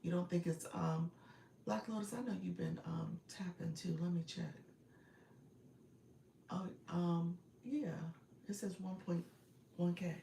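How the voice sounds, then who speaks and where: A woman with a lowish, gravelly voice chats through a live stream, calling out viewers by name between easy fillers. She sits a little back from a phone mic, so the sound is roomy with a faint hiss behind it. Her talk is loose and friendly, full of "friend" and "y'all.". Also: steady tone, measured pace, pauses often. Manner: chatty, warm greetings to viewers by name, frequent laughs and fillers. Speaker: live stream coach and host. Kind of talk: casual live stream chat reading viewer comments. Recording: roomy, distant phone audio with faint noise.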